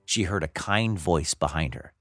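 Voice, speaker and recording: A man hosting and narrating a story in an expressive, playful manner. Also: low-pitched, normal speed, no room sound, soft background music. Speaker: host and narrator.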